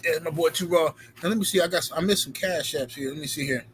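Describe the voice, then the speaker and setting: Reading viewer super chats out loud and thanking the donors, this live-stream host keeps things casual, animated, and full of emphatic, playful street talk. He's a fast-talking man with a fairly high pitch, recorded in low quality with slight background noise.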